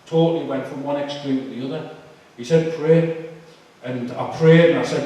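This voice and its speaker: A man giving an emotional personal testimony, halting and full of fillers. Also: on the high side, steady tone, warm tone. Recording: echoey hall, far from the mic.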